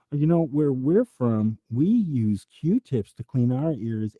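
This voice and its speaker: A man's voice: mid-range voice, no room sound, dull audio. A man hosting a livestream, reading chat and riffing through improvised comic rambles that swear freely.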